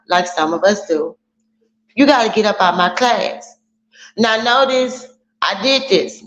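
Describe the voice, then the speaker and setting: A woman calling in to a casual debate, explaining her view at length with examples. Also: mid-range voice. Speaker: caller. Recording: echoey, dull lo-fi line with faint noise.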